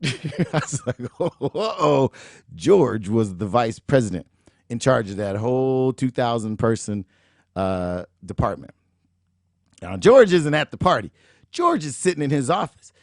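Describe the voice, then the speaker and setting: A middle-aged man hosting a show, telling a motivational story in an animated, emphatic way and acting out the dialogue. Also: medium pitch, a little slow, no echo, clean studio sound. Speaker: show host, motivational speaker.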